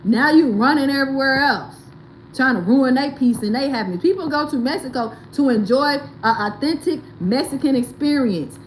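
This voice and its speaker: Blunt, animated woman host with faint hiss. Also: high voice, moderate pace, low-quality recording. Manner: blunt, animated, swearing and laughing. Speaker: livestream host. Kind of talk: casual commentary chat.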